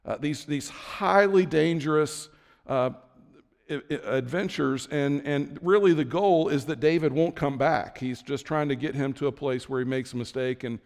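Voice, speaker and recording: A man's voice: a little high, normal speed, a little mellow, long reverb tail. A man preaching a sermon as pastor, conversational, with frequent restarts and asides.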